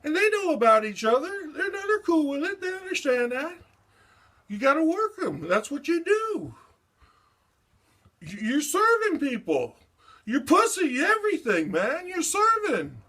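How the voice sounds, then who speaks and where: A man's voice: very high voice, huge pitch swings, a little slow, bright, forceful tone. An older man delivering a rambling, profane, agitated monologue that jumps erratically from one subject to the next. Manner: erratic, profane and agitated, jumping between topics.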